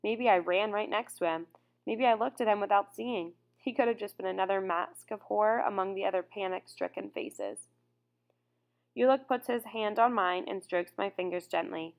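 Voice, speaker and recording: A woman narrating a first-person audiobook in a measured, reflective reading. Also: mid-range voice.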